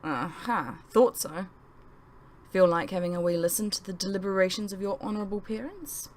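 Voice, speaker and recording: A woman voicing a sly man who speaks in a hushed, conspiratorial whisper, in a storybook reading. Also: mid-range voice, normal speed, slight background noise, close to an everyday voice. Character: sly red-eyed man, whispering schemer.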